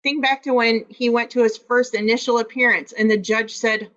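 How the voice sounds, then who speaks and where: A woman's voice: a little high, fairly even intonation, moderate pace, a bit bright, highs cut off. A woman from Iowa, a podcast guest, candidly telling a personal story and acting out quoted dialogue.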